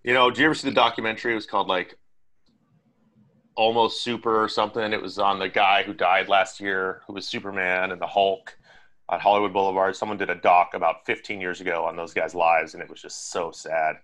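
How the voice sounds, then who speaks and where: A man co-hosting a podcast, chatting casually with animated, joking asides. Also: low-pitched, fairly quick. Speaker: podcast co-host.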